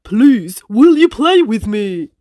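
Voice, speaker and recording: A woman's voice: a little high, sing-song, slow, dark tone, dry recording, studio quality. A woman voicing a friendly, playful male tiger in a children's picture book, eager and inviting.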